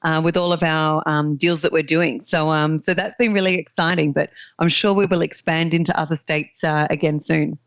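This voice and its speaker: A friendly, outgoing Australian woman with a fairly low voice speaks as a podcast guest. Her audio is dull and slightly lo-fi in a dry space with no room sound. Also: steady tone, normal speed, few pauses, no room sound. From country Australia. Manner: friendly, outgoing, laughs often. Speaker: guest, land investor. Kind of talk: podcast interview.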